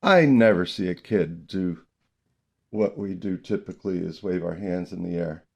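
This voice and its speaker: A middle-aged man hosting a podcast about music teaching, chatting casually and telling animated stories with frequent laughter. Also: sits low, moderate pace, creaky. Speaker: podcast host, early childhood music teacher.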